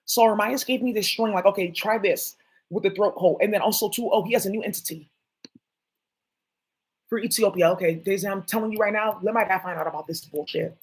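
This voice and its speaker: A woman's voice: medium pitch, brisk, slightly rough, rough recording. A woman vlogger talking to her viewers in a rambling, jumpy monologue, swearing often.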